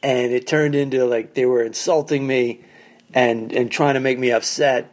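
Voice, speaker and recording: A man's voice: mid-range voice, moderate pace. A man who is a stand-up comedian, telling a story as a casual solo monologue in a wry, profane way from a condo basement. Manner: animated, acts out quoted people in raised voices. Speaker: stand-up comedian, podcast host.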